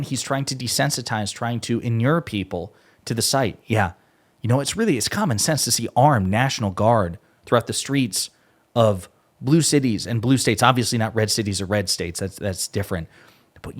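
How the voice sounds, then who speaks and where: A man's voice: mid-range voice, expressive, a little fast. A man giving emphatic, exasperated political commentary, often profane.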